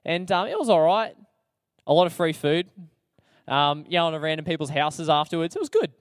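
A young Australian man shares his testimony casually, with slang, lots of fillers, and jokes at his own expense. His voice is a little high for a man, swings widely in pitch, and moves a little fast, recorded dry with no echo or room sound.

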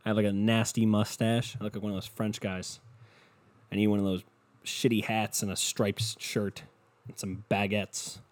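A man's voice: lowish voice, level tone, normal speed. A young man hosting a solo podcast from his bedroom, ranting in a profane, sarcastic, rambling way into a computer mic. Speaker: podcast host. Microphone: desktop computer mic.

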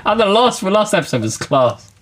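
Man, podcast co-host, casual chat, laid-back and slangy, fillers, slightly higher voice. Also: sing-song, a little fast, breathy edge.

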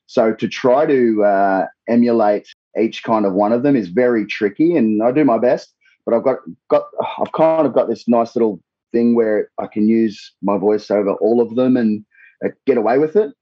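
An Australian man with a husky, low-set voice talks loosely about his band, swearing and circling back on himself. The sound is dry and close, with a slightly muffled, dull recording quality. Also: moderate pace, dry recording. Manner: swears freely, rambles with many restarts. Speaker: tribute band singer, guest. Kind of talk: casual interview chat.

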